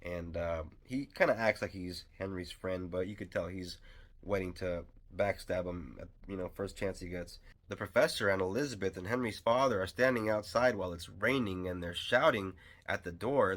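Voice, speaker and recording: A man with a deep, low voice talks through a film review in an easy, unscripted way. He wanders, restarts and fills pauses, but his fan's enthusiasm keeps coming through. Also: fairly bright tone. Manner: loose and rambling, with many fillers and restarts; enthusiastic fan. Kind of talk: casual spoken film review.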